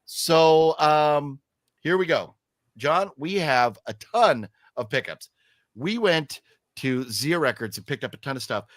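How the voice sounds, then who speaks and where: Lively older man chatting on a stream. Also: fairly high pitch, slow, no echo. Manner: lively, reads chat comments aloud, jokey. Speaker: co-host. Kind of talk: casual live-stream chat. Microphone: streaming setup.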